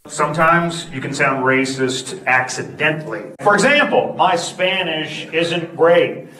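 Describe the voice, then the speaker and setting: Male stand-up comic, blunt teasing delivery, slightly high voice, roomy club sound, faint hiss. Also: measured pace, bright, forceful tone, distant mic. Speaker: stand-up comedian. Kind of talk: stand-up comedy with crowd work. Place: comedy club stage.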